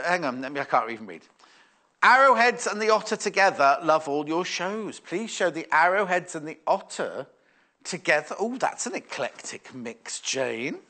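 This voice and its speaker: A man's voice: high voice, pushed and bright. A man presenting fabrics on a live shopping channel, chatting and musing aloud as he reads out viewer messages. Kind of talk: live sales demonstration.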